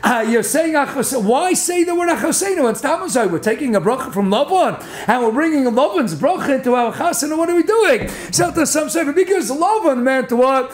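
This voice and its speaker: A rabbi lecturing with a very high-pitched voice, and he keeps things animated. He chuckles through his points and peppers his talk with Hebrew and Yiddish terms. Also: brisk, hardly any pauses. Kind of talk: Torah lecture.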